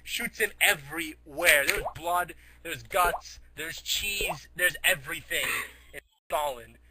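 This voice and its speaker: A young man tells a silly improvised tale at full volume, stammering and restarting as he rushes along. His voice sits high and comes out bright and sharp. He keeps slipping into little character voices for the people in his story. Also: husky. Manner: loud, giddy, stammering, acting out characters in quotes.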